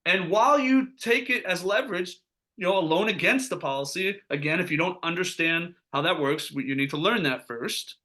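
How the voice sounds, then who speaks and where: A man talking as a financial advisor, getting fired up as he pitches a strategy, asking rhetorical questions and acting out what clients say. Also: normal speed, pushed and bright. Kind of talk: energetic sales pitch talk.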